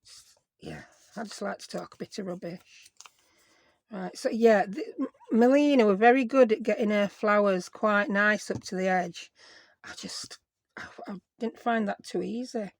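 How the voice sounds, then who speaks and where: A woman's voice: mid-range voice, moderate pace, no echo. A woman hosting a casual crafting vlog, chatty and self-deprecating, talking to herself as she works. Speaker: craft channel host.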